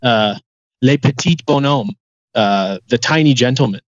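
A man in casual conversation telling stories with dry, deadpan humor. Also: mid-range voice, a little slow. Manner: dry joking, deadpan exaggeration. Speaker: musician. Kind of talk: casual podcast chat, storytelling. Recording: slightly dull lo-fi sound.

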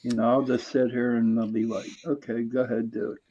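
A man's voice: mid-range voice, flat delivery, a little fast, dark tone, husky, dull audio. A man co-hosting a casual news chat, easygoing and joking. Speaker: show co-host.

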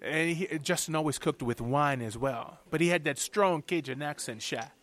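A middle-aged man from Louisiana, a chef and TV cooking host answering interview questions in an animated, chatty way. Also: fairly high pitch, moderate pace.

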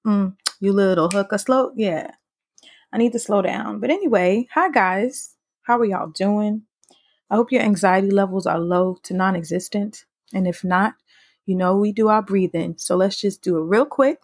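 A woman in her thirties hosting her own podcast, talking in a casual, playful, fast and slangy way. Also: medium pitch, husky, no echo, clean studio sound. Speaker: podcast host. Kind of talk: casual solo podcast chat.

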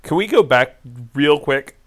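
A man co-hosting a casual chat, enthusiastic and quick to laugh. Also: fairly high pitch, expressive, a bit bright.

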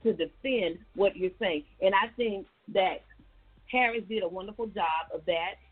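A woman's voice: medium pitch, slightly rough. A woman hosting a call-in radio talk show, speaking in a folksy, casual way and often calling her listeners y'all. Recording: tinny phone-like radio line.

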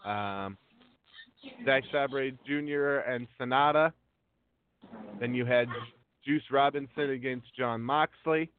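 A man hosts a wrestling news podcast in casual talk-show style, slowly reading long lists of names with many ums. His medium-pitched voice moves at a slow pace with frequent pauses. The tinny phone-line audio carries slight background noise.

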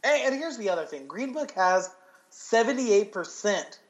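A man's voice: sits high, big pitch swings, normal speed, lo-fi sound, background noise. A man co-hosting a casual podcast chat, rambling and swearing with lots of restarts. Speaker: podcast co-host.

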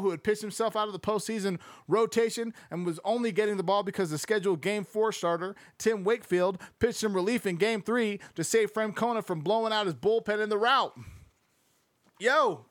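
A man reading a sports book aloud, breaking off into excitable, profane, slangy asides. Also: high voice, no room sound, studio quality.

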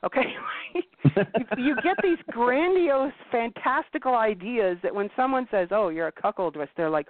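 A blunt, animated woman chats as a talk host, swearing freely and mimicking people she quotes. Her voice sits fairly high and swings widely in pitch. The sound is thin and phone-like, with a dry room. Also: moderate pace, no room sound. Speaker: podcast host. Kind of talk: casual chat. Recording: tinny phone-like line, dry.

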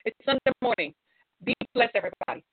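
A middle-aged woman hosting a radio sermon. She preaches fervently and swings from loud to hushed. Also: fairly high pitch, animated, fast, breathy edge, no room sound. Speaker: host and preacher. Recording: tinny phone-line sound.

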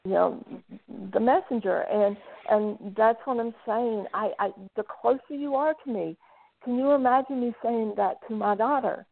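A woman's voice: on the high side, normal speed, creaky. A woman who works as a psychic medium, telling stories in a chatty way as a guest on a talk show. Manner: chatty storyteller, quotes spirits and clients. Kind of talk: casual phone interview. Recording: tinny dry phone line.

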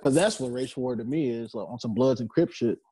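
A man cohosting a casual podcast chat, measured and thinking aloud. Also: mid-range voice, warm tone, husky, rough recording.

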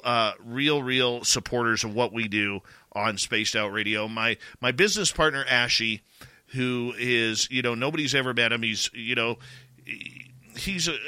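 A man's voice: medium pitch, bright, forceful tone, clear, resonant tone, no room sound. A man with a Canadian accent hosting a radio talk show, chatting casually in a rambling way with many restarts. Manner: rambling, full of restarts and "you know".

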